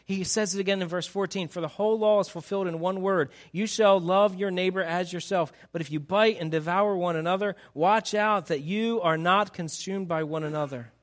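A man preaching a sermon to his congregation, animated and emphatic, teasing the crowd and acting out quotes. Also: high-pitched, fairly quick, few pauses. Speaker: pastor.

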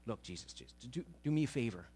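A pushy mother fawns and wheedles in a low, hushed, chatty tone, as a male preacher puts her on. She slips in flattery between every request, casual and almost conspiratorial. It sounds like a comic retelling inside a sermon. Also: quick pace, slightly rough. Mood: wheedling.

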